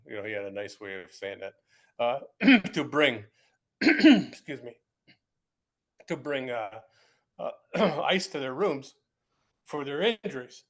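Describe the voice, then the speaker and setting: A man's voice: medium pitch, sing-song, takes it slowly, long pauses. Older man, casual storyteller, repeats and restarts, chuckles as he talks. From United States. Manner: rambling, repeats words and restarts, laughs while telling stories. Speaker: guest, former pro football player.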